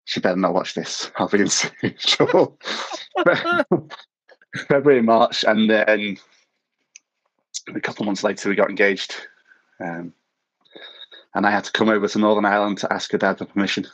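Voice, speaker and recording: A man's voice: lowish voice, normal speed, long pauses, a bit bright, low-quality recording. A man born in South Africa, a podcast guest telling long, self-mocking stories in casual interview talk, often chuckling at himself. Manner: rambling storyteller, self-mocking, chuckles at his own stories. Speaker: podcast guest, former missionary.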